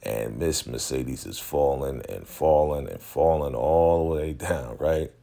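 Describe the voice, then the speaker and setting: A man with a very low, deep voice talks through a TV episode recap in a loose, casual way. He tells it as an animated story and keeps checking in with fillers like "right?" and "you know.". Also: measured pace, gravelly. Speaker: recap show host.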